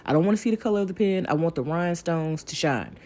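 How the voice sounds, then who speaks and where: A woman's voice: fairly low pitch, expressive, fast talker, darkish tone. A young adult woman hosting a crafting channel, rambling in a casual voiceover and talking straight to her viewers. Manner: rambling and talkative, addresses viewers directly.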